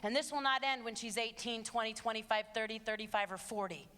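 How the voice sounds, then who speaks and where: Woman, high voice, emphatic, sarcastic, live talk, stage mic, long reverb in a big hall. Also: fairly even intonation, a little fast, clean tone. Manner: emphatic and sarcastic, swinging between hushed and shouted. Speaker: speaker addressing students and parents. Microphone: handheld stage mic.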